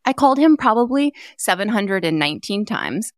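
A woman's voice: mid-range voice, a little fast, no room sound, studio quality. A woman hosting a podcast who chats casually and tells stories with lots of energy. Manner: animated storyteller. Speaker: podcast host. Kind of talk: casual interview chat.

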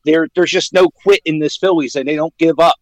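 A brash man on a radio call-in, boasting and trash-talking. His voice sits high and is recorded dry and close, with no room sound. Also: fairly even intonation, brisk, no echo, low-quality recording. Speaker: caller, sports fan.

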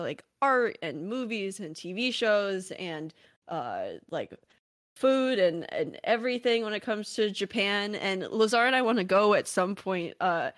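A woman's voice: medium pitch, a bit bright, no echo, studio quality. A young woman hosting a podcast, chatty and laughing often, with lots of fillers. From United States. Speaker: podcast host. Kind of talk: casual interview chat.

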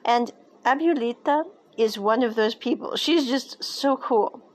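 A woman with a fairly high voice talks through a show she loves in a loose, casual chat. She gushes with enthusiasm and wanders off on tangents before pulling herself back. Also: unhurried, a little mellow. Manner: enthusiastic, digressive. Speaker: show reviewer.

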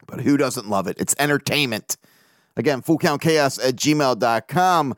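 A man's voice: mid-range voice, moderate pace, a bit bright, dry recording, studio quality. A man from the area, hosting a casual sports podcast, brash and joking and swearing freely. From Baltimore area. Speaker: podcast host.

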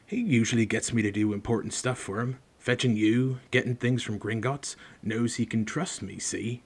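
A man reading the part of a big, gruff, friendly giant who talks in a folksy way, in a husky voice. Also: medium pitch, fairly even intonation, moderate pace. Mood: proud. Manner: folksy, dropped words.

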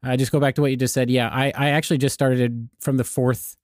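A man's voice: medium pitch, flat delivery, quick pace, darkish tone, dry recording, studio quality. A man who co-hosts and produces a podcast, joking in a playful, self-deprecating casual chat. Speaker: podcast co-host and executive producer.

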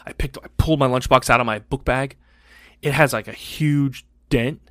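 A man in his forties, a podcast co-host telling a story in casual chat, animated, swearing freely and acting out voices. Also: mid-range voice, normal speed, no echo, studio quality.

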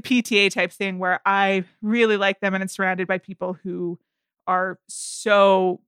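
A woman co-hosts a film podcast with a wry, teasing manner, leaping into high mocking voices whenever she quotes someone. Her voice is bright and crisp. It is recorded dry and close, with no room sound. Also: no room sound. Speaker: podcast co-host. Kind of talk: casual film chat.

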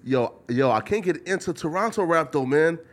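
A man's voice: on the high side, expressive, moderate pace. A man hosting a casual interview, rambling with lots of filler words. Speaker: podcast host.

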